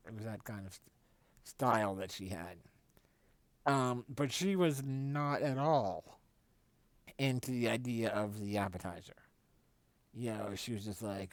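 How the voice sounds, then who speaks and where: A man's voice: mid-range voice, dry recording. A man vlogging, telling a casual anecdote in a rambling way with lots of fillers and restarts. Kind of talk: casual storytelling.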